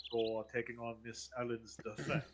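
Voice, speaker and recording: A man voicing a formal, courteous male butler in a video game, speaking slowly and stiffly. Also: medium pitch, steady tone, crowd noise, pitched below the performer's own voice, close to an everyday voice.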